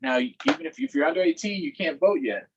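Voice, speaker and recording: A man's voice: high-pitched, fairly quick, gravelly, highs cut off, noisy background. A man reading a picture book aloud to children and chatting with them playfully between passages. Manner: animated, playful, addresses young listeners directly. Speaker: local politician reading to children. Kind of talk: storytime read-aloud with chat to kids.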